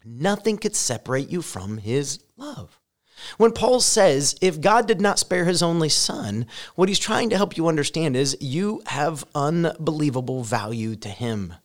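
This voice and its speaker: A man's voice: fairly high pitch, animated, moderate pace. Earnest male pastor preaching. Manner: earnest preaching, rising loud and emphatic when reading scripture; direct address to listeners. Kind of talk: sermon.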